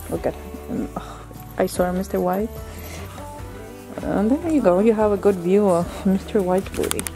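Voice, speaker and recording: A woman's voice: mid-range voice, moderate pace, long pauses, mellow, soft background music, low-quality recording. A woman homesteader, middle-aged, in a goat pen, talking to her baby goats in cooing, affectionate baby talk. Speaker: homesteader vlogger.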